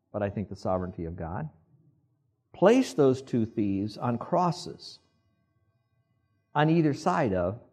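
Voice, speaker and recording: A man preaches in a loose, conversational way and often draws his listeners in to repeat words after him. His voice is husky and sits at a middle pitch. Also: mellow. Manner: conversational preaching with audience call-and-response. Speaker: pastor. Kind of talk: sermon.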